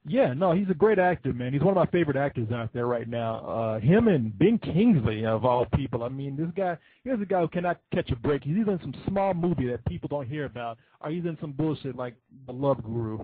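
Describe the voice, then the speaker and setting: Husky-voiced call-in show host, joking. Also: male voice, medium pitch, fairly quick, hardly any pauses, no room sound, narrow, tinny audio. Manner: joking, excitable banter. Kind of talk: casual call-in chat.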